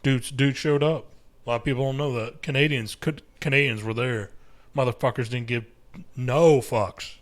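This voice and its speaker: A man's voice: mid-range voice, steady tone, normal speed. A man hosting a podcast, rambling in casual crude banter and joking around. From United States. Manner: rambling, crude joking, breaks into mocking put-on voices. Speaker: podcast host.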